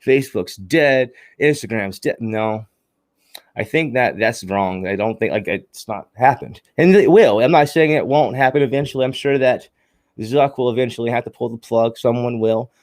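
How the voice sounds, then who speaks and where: A male podcast host talks in a casual, enthusiastic way and keeps turning to speak to his listeners. His voice sits at an ordinary middle pitch. The sound is dry and close to the mic. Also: moderate pace, darkish tone, no echo. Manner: enthusiastic, talkative, addresses listeners as guys and y'all.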